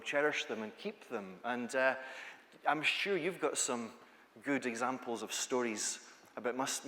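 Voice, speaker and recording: A man with an east-coast Scottish accent tells stories to a conference audience in a playful, chatty way, checking in with them often. His voice sits at an ordinary middle pitch. A long reverb trails off the walls of the big hall. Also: fairly bright tone. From Scotland. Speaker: conference speaker, teacher trainer. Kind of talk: storytelling talk to an audience.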